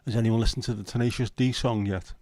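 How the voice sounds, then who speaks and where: A man's voice: medium pitch, fairly even intonation, fast talker, darkish tone, no echo. A man with a Liverpool accent hosting a casual livestream chat, rambling and sweary as he banters with viewers. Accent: Scouse. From Liverpool, England. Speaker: livestream host.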